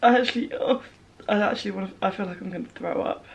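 A young woman in her twenties talking casually to camera, excitable and emotional, fast and breathless. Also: medium pitch, vocal fry, husky, soft background music. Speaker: vlogger. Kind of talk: casual vlog talk.

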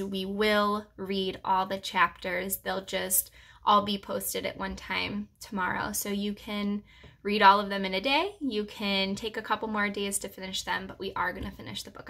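A preschool teacher reading a chapter book aloud to children in a gentle, reassuring storyteller's manner. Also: female voice, mid-range voice.

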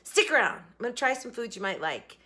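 A woman vlogging in a casual, chatty and rambling way, excitable as she talks to her viewers. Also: on the high side, fairly quick. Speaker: food and bargain vlogger. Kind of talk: casual vlog chat.

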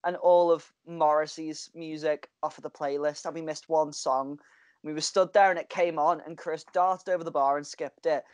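His voice is a little high, steady and smooth at normal speed, with no echo. He's a podcast co-host on a video call mic, a chatty storyteller who laughs frequently.

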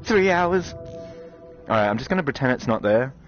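Man doing excitable gameplay commentary, talks right at viewers, mid-pitched, slightly dull sound, faint game music. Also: moderate pace. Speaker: gaming video host.

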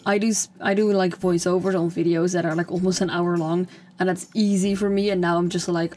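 A woman's voice: on the low side, flat delivery, fairly quick, a little mellow, a little hiss or hum. A young woman rambling through a casual voice-over of a game build, with lots of fillers and a slightly strained, fading voice. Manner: rambling, chatty, with many fillers and restarts. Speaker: gaming channel host.

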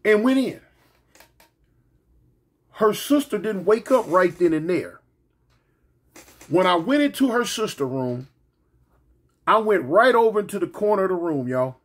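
A man with a husky, fairly high voice tells a funny story in a loose, casual way. He drawls, repeats his lines for effect and speaks right to his listeners. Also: animated, measured pace, pauses often.

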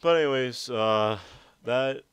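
Laid-back, swearing young gaming commentator. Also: male voice, medium pitch, takes it slowly, clean tone, no room sound. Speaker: gaming YouTuber. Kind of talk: gameplay commentary over footage.

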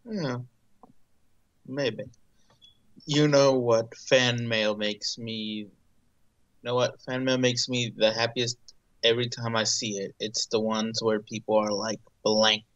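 Laid back guy chatting at a card game, slow and easy. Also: mid-range voice, flat delivery, a bit bright, highs cut off. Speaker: game night player. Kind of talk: casual chat.

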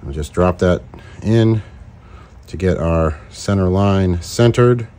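A man's voice: sits low, takes it slowly, warm tone. Jokey man hosting a DIY lure video. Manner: jokey, goofy wordplay. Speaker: host making fishing lures. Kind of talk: casual DIY tutorial.

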